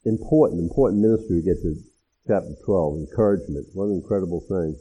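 A man preaching an expository sermon as pastor, animated and acting out the people in the text. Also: deep voice, quick pace, breathy edge. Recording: tinny phone-like sound.

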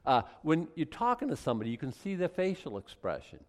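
A man's voice: fairly high pitch, wildly swooping pitch, fast talker, long reverb tail. Casual man teaching a Bible study. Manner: casual, many restarts, reads scripture then comments.

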